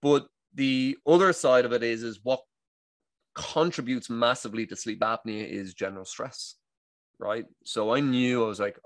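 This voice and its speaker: A man's voice: mid-range voice, moderate pace, no echo. Irish man telling stories in a dry-sounding interview. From Ireland. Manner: animated, acts out quoted dialogue, frequent restarts. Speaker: guest, breath coach. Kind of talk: casual interview storytelling.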